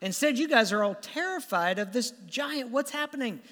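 A man's voice: very high-pitched, expressive, normal speed, fairly bright tone. A man voicing a bold, eager young shepherd boy in a retold story, with a long hall reverb.

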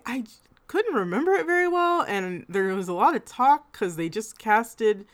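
A woman co-hosting a podcast, chatting casually about films, swearing and laughing mid-sentence. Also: mid-range voice. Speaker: podcast co-host. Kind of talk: casual chat.

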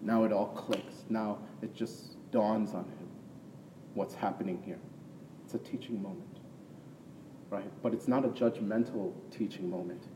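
A man's voice: on the low side, steady tone, unhurried, background noise. A man preaching a sermon in a conversational way, often checking in with "right?" and rising into emphatic bursts. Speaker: pastor. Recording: long hall reverb, from far off, faint ambience.

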